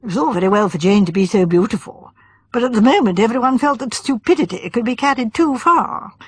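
Breathy woman reading a mystery aloud. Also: a little high, expressive, fairly quick, no echo. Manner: reads all parts, shifting tone between characters. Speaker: audiobook narrator. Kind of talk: scripted narration.

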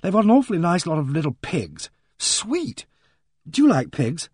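A man's voice: a little high, lively intonation, a little fast, darkish tone, no room sound, studio quality, lightly acted. A man voicing a blunt, awkward young woman of twenty who talks in a breathless rush. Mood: eager. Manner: breathless rush, artless and direct.

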